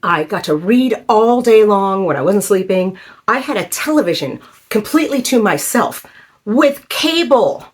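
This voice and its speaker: A woman's voice: mid-range voice, lively intonation, breathy edge. Woman in her fifties telling a story. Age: 50s. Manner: emotional, halting, many fillers. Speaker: vlogger. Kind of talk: personal storytelling.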